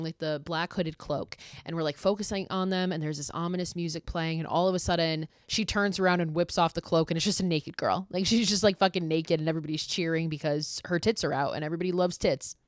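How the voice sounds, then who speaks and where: A woman's voice: fairly low pitch, no echo, clean studio sound. A woman hosting a podcast, recapping a horror film in a chatty, profane way full of "like" fillers. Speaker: podcast host.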